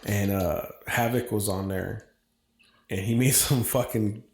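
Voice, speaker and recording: A man with an American accent co-hosting a casual podcast, talking in an animated, opinionated way and swearing freely. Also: fairly low pitch, measured pace, roomy sound, a little hiss or hum. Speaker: podcast co-host. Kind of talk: casual chat.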